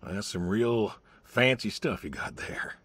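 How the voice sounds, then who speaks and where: A man's voice: on the low side, fairly bright tone, dry recording. An actor playing a guilty older farmer who stammers and halts as he talks on the phone. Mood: awkward. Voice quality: husky, halting, stammering. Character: weary old male farmer, guilty and stammering. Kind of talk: video game voice acting.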